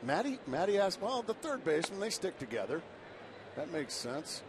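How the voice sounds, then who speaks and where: A man's voice: on the high side, sing-song, moderate pace, background noise. A man giving color commentary on a baseball broadcast in easygoing, conversational banter. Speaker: color analyst.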